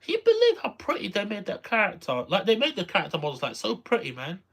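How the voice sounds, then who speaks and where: A streamer casually reacting live to a game, excitable, repeating phrases and exclaiming. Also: medium pitch, quick pace.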